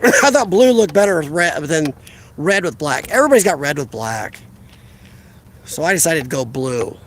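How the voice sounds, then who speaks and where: A man's voice: a little high, very animated, moderate pace, a little hiss or hum. A man chatting casually outdoors during a phone live stream, rambling and answering viewers' comments. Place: outdoors by a parked car.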